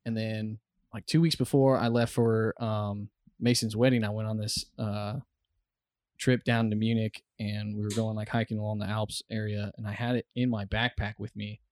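A man's voice: fairly low pitch, little pitch movement, moderate pace, darkish tone, no echo. A young American man telling a story on a podcast, rambling and swearing, with many fillers, close to the mic. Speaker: podcast guest. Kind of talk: casual storytelling. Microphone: close studio mic.

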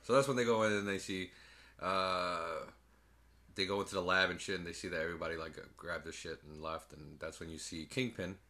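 A man's voice: low-pitched, fairly quick. A man in casual chat retelling a film scene by scene with lots of swearing. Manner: profane, animated storytelling. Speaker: movie fan retelling a film.

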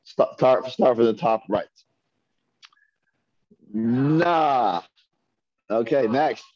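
A man's voice: medium pitch, normal speed, mellow, dull audio. A man teaching a Hebrew reading class, patiently sounding out syllables one by one for his students. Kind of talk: classroom lesson. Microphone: earpiece mic.

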